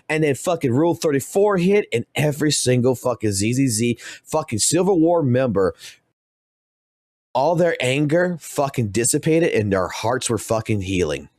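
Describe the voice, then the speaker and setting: A young man streaming, ranting crudely with constant cursing and animated outbursts. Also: medium pitch, dry recording. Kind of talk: profane ranting commentary.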